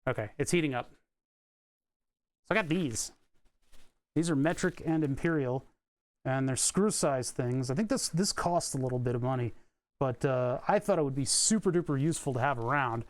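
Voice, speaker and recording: A man's voice: medium pitch, expressive, normal speed, pauses often, no room sound. A man streaming from his home workshop, chatting casually and rambling, often chuckling at his own jokes. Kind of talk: casual live-stream chat while working.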